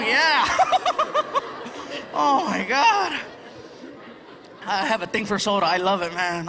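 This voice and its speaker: A high-pitched man doing an animated stand-up set on a theater stage, often laughing at his own jokes. His voice comes through a stage mic over a loud, laughing live crowd and room noise. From United States. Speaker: stand-up comedian.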